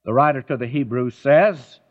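A man's voice: mid-range voice, moderate pace. A man preaching a sermon in an earnest way, often turning to the listeners with direct questions. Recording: dull lo-fi recording.

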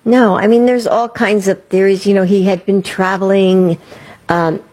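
A woman answering in an interview clip, hesitant and halting, with many ums. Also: mid-range voice, fairly even intonation, darkish tone.

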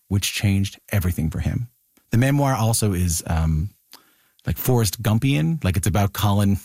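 A man's voice: fairly low pitch, a little mellow, no echo. Chatty male radio host, dry studio. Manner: upbeat, chatty, stumbling on questions. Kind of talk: radio interview hosting.

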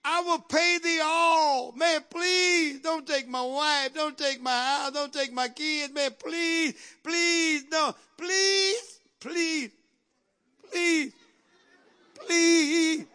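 A preacher playing a desperate servant begging, high and gravelly. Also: male voice, normal speed, few pauses, sharp tone, heavily acted. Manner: pleading, repeating please over and over. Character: desperate male debtor servant begging for mercy.

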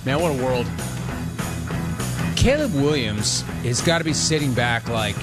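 A man's voice: medium pitch, expressive, unhurried, pauses often, music in the background. A man hosting a sports talk radio show, delivering an emphatic monologue that repeats lines for effect and talks bluntly to the listener. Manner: addresses listener directly and bluntly.

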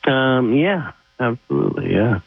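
A man from Minnesota calling in to a radio show, talking in a halting, stammering way. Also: medium pitch, big pitch swings, creaky, no room sound. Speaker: caller. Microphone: phone line. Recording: tinny phone line with hum.

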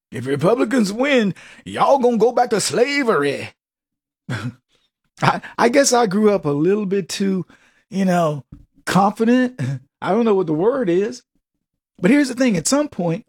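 A man's voice: sits high, darkish tone. A man hosting a radio talk show, delivering an emphatic, mocking political monologue and chuckling at his own jokes.

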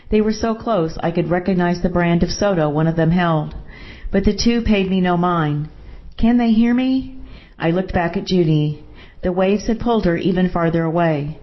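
A woman narrating a first-person story in a calm, measured way. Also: on the low side, dull audio.

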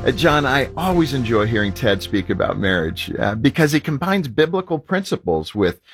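A man's voice: medium pitch, very animated, normal speed, vocal fry, music in the background. A man hosting a radio show, introducing a guest with enthusiasm. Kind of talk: casual radio chat.

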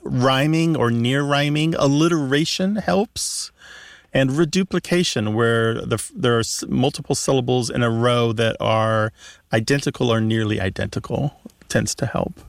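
A man co-hosts a radio call-in show, explaining things at length with restarts as he goes. His voice has a gravelly edge. It sounds close and dry. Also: medium pitch, moderate pace, no room sound. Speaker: radio co-host, language expert.

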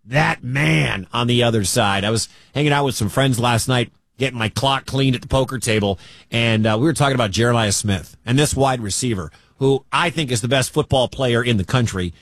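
On a sports talk radio show, a Midwestern American man chats conversationally, throwing in quick asides. He speaks at a medium pitch with a fairly bright tone, and the studio-quality audio carries no room sound.

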